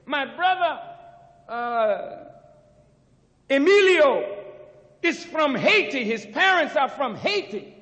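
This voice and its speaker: A man preaches to a student audience in a very high, bright voice, taking his time and leaning hard on each phrase before surging into shouts. The archival recording rings with the long reverb of a university auditorium. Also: very animated. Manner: preaching, rising to shouts, drawn-out emphasis. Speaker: minister addressing students. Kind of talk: impassioned lecture speech.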